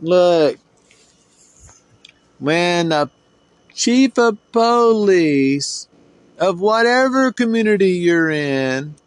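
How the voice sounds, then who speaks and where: This middle-aged American man hosts a podcast alone, delivering a heated, profane, rambling rant. His voice is high, and there's no echo.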